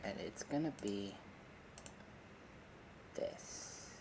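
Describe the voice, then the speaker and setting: A man's voice: fairly low pitch, lively intonation, very slow, creaky, background noise. A man hosting a casual livestream from his hobby room, rambling and joking while he fixes his camera and talks to his dog. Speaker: livestream host.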